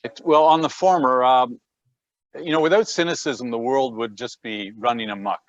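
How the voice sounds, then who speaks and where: A man's voice: medium pitch, moderate pace, no room sound, lo-fi sound. A Canadian man, a personal trainer, chatting as a guest from his home gym, self-deprecating and prone to repeating words. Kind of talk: casual conversation.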